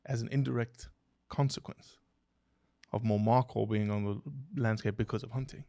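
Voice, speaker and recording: Speaking at a normal speed, a man with a mid-range, creaky voice guests on a podcast as a biologist. Animated in his explanations, he tells stories, quizzes the hosts, and asks questions of the listeners in this interview, captured on a dry recording.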